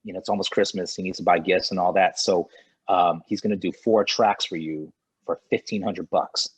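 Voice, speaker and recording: A man guest on a podcast, telling a lively anecdote and acting out the dialogue of others. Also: low voice, moderate pace, slightly rough, low-quality recording. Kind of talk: animated storytelling in conversation.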